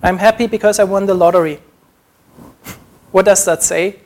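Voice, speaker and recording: A man's voice: high-pitched, steady tone, moderate pace, a little mellow. A man preaching a sermon, earnest, acting out short quoted prayers as he teaches.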